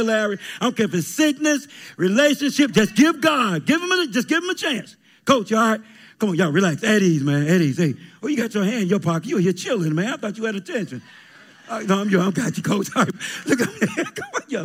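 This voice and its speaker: A male preacher with a high, expressive voice that leaps all over the place, delivering an animated, playful sermon full of call and response. He jokes with the congregation and speaks. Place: church sanctuary.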